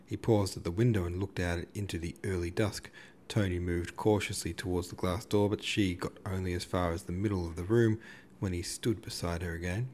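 A man narrates a classic novel in a measured, steady manner. His voice is low and deep. A faint hiss runs beneath the reading. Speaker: audiobook narrator. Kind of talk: literary audiobook narration.

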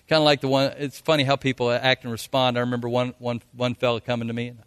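A pastor preaching a folksy sermon, now and then acting out quotes in a loud voice. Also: male voice, medium pitch, level tone, fast talker, clean tone. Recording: long hall reverb.

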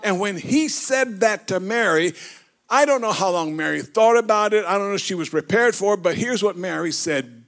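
A man's voice: high voice, animated, normal speed, a bit bright. A man preaching a sermon as bishop. He tells the scripture as a story, acting it out and leading the congregation in call and response.

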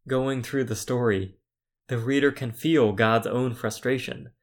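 A man preaching a sermon, retelling scripture in a deliberate, measured storytelling manner. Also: mid-range voice.

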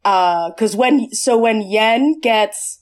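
Slow, rambling woman podcast host. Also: fairly high pitch, expressive. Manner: rambling, many fillers and restarts. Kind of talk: casual chat about a movie.

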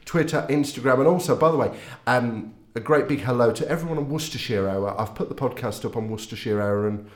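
A man's voice: medium pitch, fast talker. A man hosting a casual podcast, teasing his co-host and signing off in a jokey, self-mocking way. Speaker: podcast host, newspaper editor. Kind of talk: casual podcast banter and sign-off. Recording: roomy studio echo.

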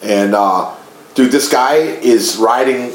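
A man's voice: medium pitch, slow. A man co-hosting a casual podcast, swearing a lot and telling stories in a heated way. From Chicago area. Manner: profane, heated storytelling. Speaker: podcast co-host. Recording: echoey room.

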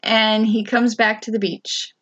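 High-voiced chatty woman podcast host. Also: flat delivery, fairly bright tone, dull audio. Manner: chatty, laughs often, quick asides. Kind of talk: casual chat recapping a TV show.

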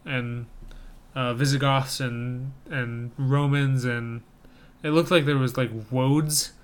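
A young man co-hosts a casual podcast chat, enthusiastic and rambling. His voice is smooth and resonant, sitting at a middle pitch. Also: fairly even intonation, slow. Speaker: podcast co-host reviewing trailers.

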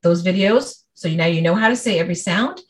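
A woman's voice: fairly low pitch, fairly quick. A woman who is a speech-language pathologist, patiently explaining her work in casual conversation.

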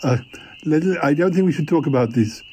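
A man's voice: fairly high pitch, lively intonation, brisk, a little mellow, a little hiss or hum, close to an everyday voice. A man doing a bumbling flirty yeti uncle. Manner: hesitant, full of "uh" and "you know". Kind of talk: comedy audio drama.

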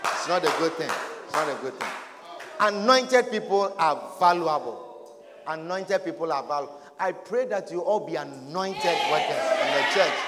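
A man preaching a lively sermon as pastor, laughing and shouting as he acts out people's words. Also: high voice, noisy background. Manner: animated, often laughing and shouting, acts out quoted voices. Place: church hall. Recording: echoey hall with crowd. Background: congregation.

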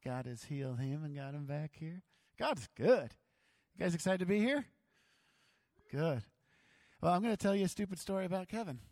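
A man telling a self-mocking childhood story as a sermon to his church, animated and dramatic. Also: high voice, no room sound.

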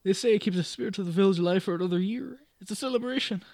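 A chatty Irish landlady who rambles on in a higher, lilting voice, welcoming and homely, as a man puts her on while reading a gamebook aloud. The sound is dry and close. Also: very fast, a little mellow, dry recording. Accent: Irish, put on. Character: friendly chatty Irish landlady, middle-aged.

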